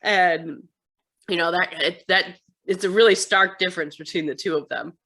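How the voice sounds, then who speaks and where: An American woman chatting as an interview guest, with a bright, forceful tone. She tells stories with animation, slipping into other people's voices as she goes. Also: fairly low pitch, moderate pace. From United States. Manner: animated storytelling, acts out her sons' voices. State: tired. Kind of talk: casual interview chat.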